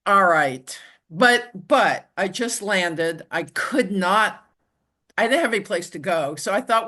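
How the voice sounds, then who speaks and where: A woman telling her own story as an interview guest, in a halting way with frequent restarts and "you know". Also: mid-range voice, expressive, sharp tone. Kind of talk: conversational personal storytelling.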